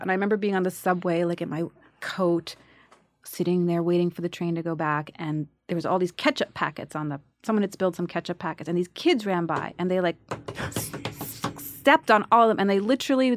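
A woman guest telling a story in casual chat, acting out the quotes in lively bursts. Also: fairly low pitch, no echo. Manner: animated, acts out quotes.

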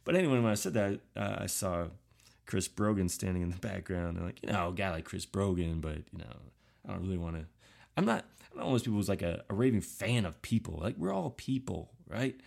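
A man's voice: low-pitched, brisk, creaky, darkish tone. A man hosting a podcast, talking through a casual, rambling monologue full of fillers and restarts, self-deprecating. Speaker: podcast host.

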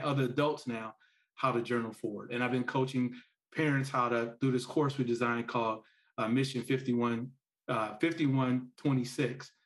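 Animated man telling stories. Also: medium pitch. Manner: animated storyteller who acts out quotes and laughs often. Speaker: guest, parent and author. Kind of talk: podcast interview storytelling.

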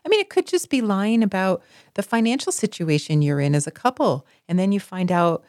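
A woman's voice: mid-range voice, a little fast, dry recording, clean studio sound. A woman in casual conversation as co-host, telling stories expressively and acting out the people in her examples. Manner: expressive, animated storytelling with vivid voiced examples. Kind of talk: casual chat.

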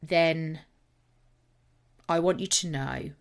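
A woman's voice: sits low, steady tone, very slow. A British woman hosting a solo podcast, telling stories in a chatty, self-mocking way. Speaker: podcast host. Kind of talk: casual solo podcast talk.

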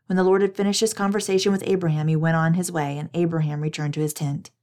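A woman narrating scripture in a steady, measured reading. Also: sits low.

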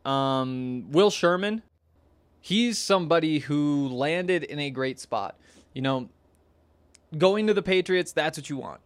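A man's voice: on the high side, lively intonation, slow, no room sound. A young man hosting a solo podcast in a casual, rambling way, full of fillers and restarts. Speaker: podcast host.

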